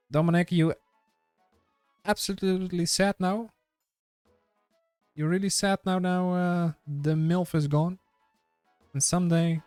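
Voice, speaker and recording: A man's voice: a little high, a little mellow, no echo. A man streaming a game live, chatting casually with his viewers in a rambling way, full of fillers and restarts. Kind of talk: casual live-stream chat while gaming.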